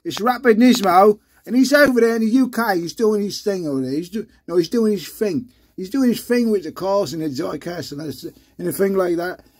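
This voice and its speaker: A man putting on a British accent for a chatty shout-out, loose and halting. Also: high voice, slightly rough, voice pushed up. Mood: upbeat. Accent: put-on British.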